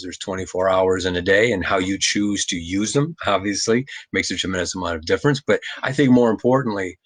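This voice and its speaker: A middle-aged man giving a reflective motivational talk on mindfulness, gentle and earnest, often repeating his phrases. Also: low voice, dry recording. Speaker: mindfulness speaker.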